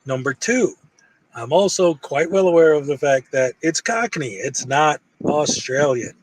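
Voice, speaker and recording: A man's voice: on the high side, expressive, a little slow, recorded from a distance, a little hiss or hum, poor audio. A man giving viewers a casual, self-deprecating introduction. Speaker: video creator.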